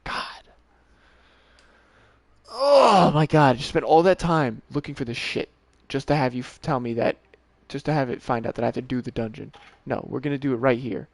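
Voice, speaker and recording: A man streaming a video game, talking casually to himself and to the characters on screen, swearing often and getting worked up quickly. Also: mid-range voice, gravelly, no echo. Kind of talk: casual gameplay commentary.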